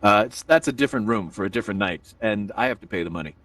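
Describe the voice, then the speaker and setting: A man's voice: lowish voice, animated, fast talker, fairly bright tone, dry recording, far from the mic. A man hosting a stand-up comedy show in a virtual reality room, rambling and self-deprecating, with many filler asides.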